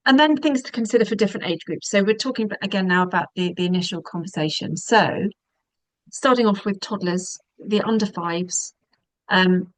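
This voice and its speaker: A woman, a divorce specialist giving calm, measured webinar advice with frequent ums. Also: lowish voice, no room sound, rough recording.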